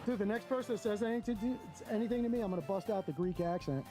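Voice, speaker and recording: A man's voice: sits high, racing, over music. A man doing blunt, mocking running commentary to his camera outdoors. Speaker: camera auditor filming police. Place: outdoors, near a parking lot.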